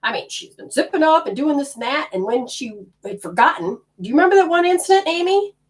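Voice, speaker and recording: A woman's voice: high voice, lively intonation, fast. A middle-aged woman teaching energy healing to a group in a casual, blunt way, swearing now and then.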